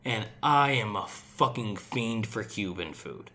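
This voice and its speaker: A man's voice: fairly low pitch, takes it slowly. A young adult man co-hosting a podcast in casual chat, talking emphatically and swearing freely. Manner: profane, emphatic, animated storyteller. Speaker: podcast co-host.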